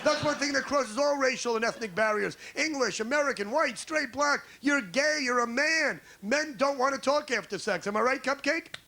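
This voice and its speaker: Brash gravelly comedian from New York. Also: male voice, very high-pitched, moderate pace, few pauses, bright, forceful tone. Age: 40s. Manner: brash, crowd-baiting, ranting. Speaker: stand-up comedian. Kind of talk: stand-up comedy set. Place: comedy club stage. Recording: live club recording with audience noise.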